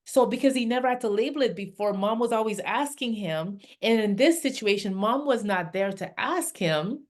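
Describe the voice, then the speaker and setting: A woman's voice: on the high side, expressive, normal speed, hardly any pauses. An older woman, a parenting coach hosting a podcast, recounting work experiences in an affirming, conversational way.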